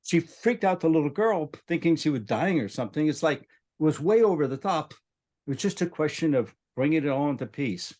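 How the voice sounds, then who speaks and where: A man's voice: a little high, lively intonation, a little fast, darkish tone. An older man, a spiritual teacher, telling a story in conversation and acting out the voices he quotes.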